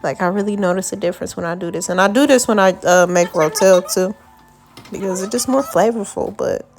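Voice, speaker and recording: A woman's voice: mid-range voice, fairly quick, faint music behind. A woman, casually narrating her home cooking in laid-back, profane slang. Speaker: home cook vlogger. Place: home kitchen.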